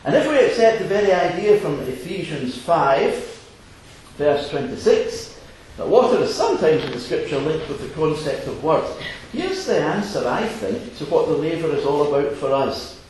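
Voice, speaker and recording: A man's voice: on the high side, sing-song, moderate pace, a little mellow. A man preaching a sermon in an assembly hall, earnest with chuckling asides. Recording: echoey hall, faint noise.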